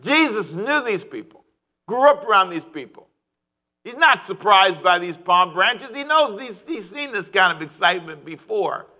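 Animated bright-voiced male pastor preaching. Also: sits high, moderate pace. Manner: animated preaching, calls for congregation response. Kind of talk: sermon.

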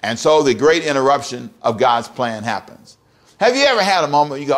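A man's voice: medium pitch, quick pace, a bit bright. A man preaching a sermon as pastor, emphatic and repetitive, often asking the congregation direct questions.

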